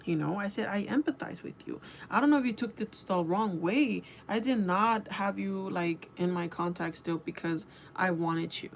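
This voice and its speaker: Gravelly young woman ranting a storytime. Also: medium pitch, normal speed, hardly any pauses, slight background noise. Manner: animated, swearing, quoting herself and others. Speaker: beauty vlogger. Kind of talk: casual storytime rant.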